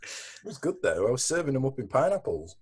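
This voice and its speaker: A man's voice: medium pitch, big pitch swings, a little fast, husky. A man appearing as a guest co-host on a podcast, laid-back with dry humour. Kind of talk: casual chat.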